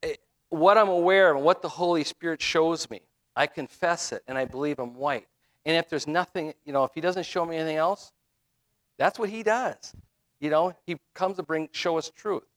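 A man's voice: fairly high pitch, moderate pace. A middle-aged man giving a conversational sermon as a minister, with frequent fillers and restarts.

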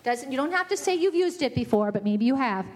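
A woman's voice: high voice, expressive, a little fast, noisy background. A middle-aged woman giving a family ministry talk, earnestly acting out what parents and kids say.

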